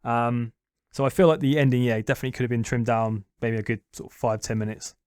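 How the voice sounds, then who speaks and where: A man's voice: mid-range voice, fairly even intonation, quick pace, a little mellow, clean tone, dry recording, studio quality. A young man chatting casually through a movie review, rambling and hesitant with lots of restarts.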